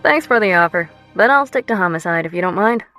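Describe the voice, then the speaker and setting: A woman's voice: fairly low pitch, expressive, fast, pushed and bright, soft background music. Audiobook: woman reading an easygoing male detective. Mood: friendly. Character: friendly male homicide detective.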